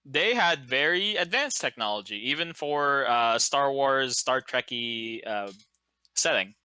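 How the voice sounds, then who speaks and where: A man's voice: medium pitch, animated, unhurried, pushed and bright, clear, resonant tone, no echo, poor audio. A man narrating as game master in a tabletop game, casual and full of fillers. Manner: casual, filler-heavy, laughs along.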